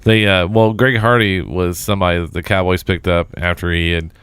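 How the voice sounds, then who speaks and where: A man's voice: low voice, steady tone, a little fast, fairly bright tone, smooth, no room sound. A man co-hosting a podcast in casual chat, explaining things in a matter-of-fact way. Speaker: podcast co-host.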